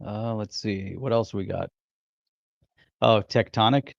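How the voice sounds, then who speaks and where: A man's voice: fairly low pitch, slow pace, creaky, no echo, muffled recording. A man co-hosting a casual stream, joking around and laughing easily. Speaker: co-host. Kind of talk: casual chat.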